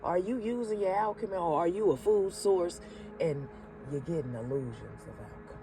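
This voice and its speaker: A woman's voice: medium pitch, normal speed, poor audio. A woman hosting a spiritual energy reading with spoken affirmations, drawing out her words, calling the listener baby, and breaking into chuckles. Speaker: spiritual reader and channel host. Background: music playing.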